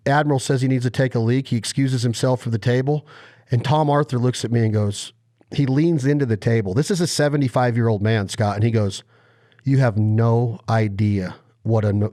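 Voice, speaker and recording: A man hosting a podcast interview, telling stories in an animated, impassioned way. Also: medium pitch. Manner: animated storyteller, impassioned and emphatic. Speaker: podcast host.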